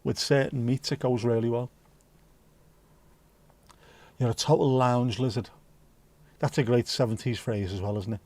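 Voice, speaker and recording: A Liverpool man hosting a livestream speaks at medium pitch and a moderate pace, with fairly even intonation, long pauses, and a slightly mellow tone, recorded with no room sound. He reads viewer comments casually, rambling, joking and swearing freely.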